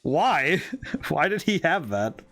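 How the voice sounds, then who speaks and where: Excited guy streaming a game, jokey, high lively voice, bright tone. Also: slow, gravelly, faint music behind. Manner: excitable, jokey, chats with viewers. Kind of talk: casual game stream commentary.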